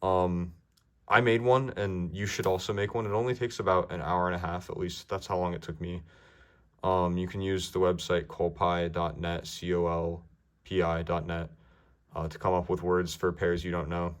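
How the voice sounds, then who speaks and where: A man's voice: deep voice, level tone, normal speed. A young man giving casual, ranty speedcubing tips, rambling with many fillers. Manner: rambling, lots of ums and likes.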